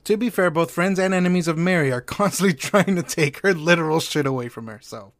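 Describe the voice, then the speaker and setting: A man's voice: fairly high pitch, a little fast, no room sound, studio quality. A man co-hosting a comedic chat, jokey, profane and playful as he tells a story. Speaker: podcast co-host.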